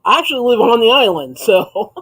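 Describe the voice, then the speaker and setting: A man's voice: very high voice, big pitch swings, moderate pace, a bit bright, breathy edge, low-quality recording. A man hosting a casual livestream chat, talking easily with viewers, reading their comments aloud and laughing often. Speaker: livestream host.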